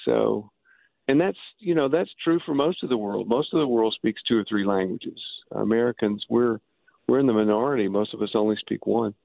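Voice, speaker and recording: Gravelly guy on a dry phone line, halting, lots of restarts, explaining stuff. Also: on the low side, no echo. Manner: halting, frequent restarts and fillers. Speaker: author and Bible scholar. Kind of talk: interview guest explaining.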